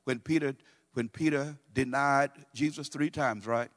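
A man preaching a sermon, swinging between loud bursts and hushed, slowed-down quotations. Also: mid-range voice, steady tone, long reverb tail. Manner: preaching with dramatic swings of volume and pace, drawn-out quotes.

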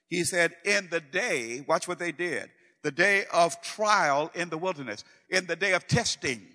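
A man delivers a sermon in a high voice, pressing his points through repetition. He swings between loud declarations and hushed pleading. A long reverb trails behind his words. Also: lively intonation, normal speed. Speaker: preacher.

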